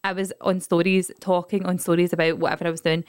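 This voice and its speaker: A woman's voice: fairly low pitch, fast talker, smooth. A Scottish woman co-hosting a podcast, chatting casually and acting out other people's lines. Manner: chatty, acts out others' lines in lively voices. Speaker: podcast co-host. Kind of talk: casual chat. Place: podcast studio.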